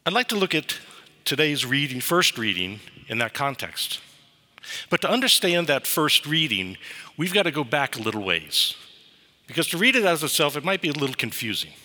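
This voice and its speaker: A man delivers a sermon with a vivid, storytelling manner. His voice is very bright and lively in its rise and fall, and it rings with long reverb in what sounds like a church. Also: on the high side, normal speed. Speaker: preacher. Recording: reverberant hall.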